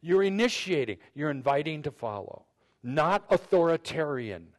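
This pastor's voice runs on the high side with big pitch swings and a moderate pace. His sermon is conversational, full of repeated words and restarted sentences as he addresses the men and the women in turn.

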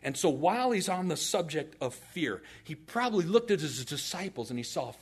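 A man's voice: on the high side, normal speed, husky. A man in his forties, preaching a sermon and telling stories animatedly. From United States. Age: 40s. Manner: animated, laughing through anecdotes. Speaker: pastor. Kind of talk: storytelling sermon.

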